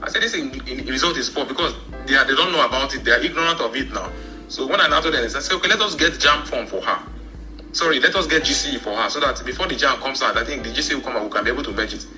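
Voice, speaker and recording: Bright-voiced Nigerian man telling a story. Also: mid-range voice, rapid-fire, soft background music, rough recording. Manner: rambling, with many repeated words. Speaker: church member telling his story. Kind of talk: personal storytelling.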